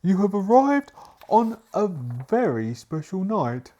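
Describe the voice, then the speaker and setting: A man's voice: high-pitched, very animated, slow pace, warm tone, pitched above the performer's own voice, exaggerated voice. A man voicing a hunchbacked male butler who speaks formally and courteously in a solo tabletop game. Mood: reassuring. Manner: formal, stately speech.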